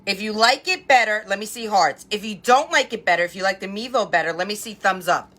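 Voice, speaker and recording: A woman's voice: mid-range voice, expressive, brisk, sharp tone. A woman hosting a live crafting stream from home, chatting and greeting viewers by name as she works. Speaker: craft livestream host.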